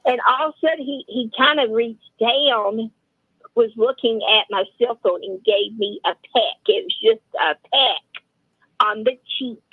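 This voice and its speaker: A woman's voice: on the high side, animated, unhurried, slight background noise. An older woman telling rambling personal stories in casual chat, acting out the dialogue as she goes. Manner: chatty, rambling, acts out dialogue. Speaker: open mic storyteller, regular guest. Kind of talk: casual storytelling. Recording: tinny phone line.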